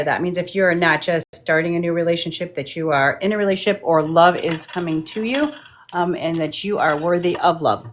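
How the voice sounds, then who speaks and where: A woman's voice: low-pitched, a little fast, slight background noise. A middle-aged woman reading tarot cards on a live stream, chatting casually, greeting viewers by name and muttering asides to herself. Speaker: tarot card reader.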